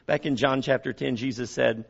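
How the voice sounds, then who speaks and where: A man preaching a sermon as pastor, dropping to quiet passages and rising to loud emphasis while he asks the congregation questions. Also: medium pitch, steady tone, moderate pace, creaky, highs cut off.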